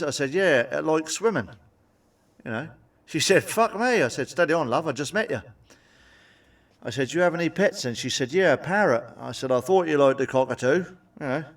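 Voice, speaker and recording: Sweary comedian, a bit off-mic. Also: male voice, a little high, moderate pace, far from the mic. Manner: blunt, sweary, cheeky jokes with tag questions. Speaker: stand-up comedian. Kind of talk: stand-up joke monologue.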